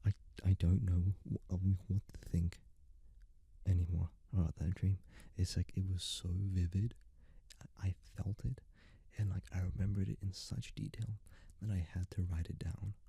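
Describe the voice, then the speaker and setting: A young man rambles in a soft-spoken ASMR style, very close to the microphone. His low voice is gravelly, heavily husky and very dark. He keeps stringing loose thoughts together with "like". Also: little pitch movement, moderate pace, no room sound. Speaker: ASMR creator.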